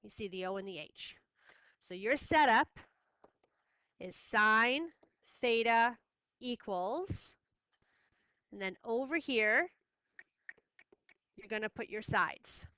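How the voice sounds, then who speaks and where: A woman's voice: fairly high pitch, animated, slow pace, pauses often, sharp tone, clean tone, no echo. A woman teaching a math lesson, firm and repeating key steps for her students. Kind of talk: classroom lesson recording.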